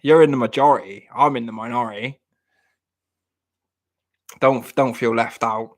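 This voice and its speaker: A man from the of England talks loosely to his live-stream audience, joking and drifting from point to point. His voice sits at an ordinary middle pitch. He speaks in an easy, unscripted way. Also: normal speed. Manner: jokey, rambling, talks to chat viewers. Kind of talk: casual live-stream chat.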